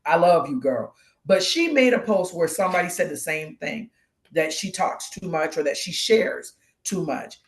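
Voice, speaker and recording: A woman guest co-host giving a personal testimony on a live show, animated and acting out the voices of the people in her story. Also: lowish voice, normal speed.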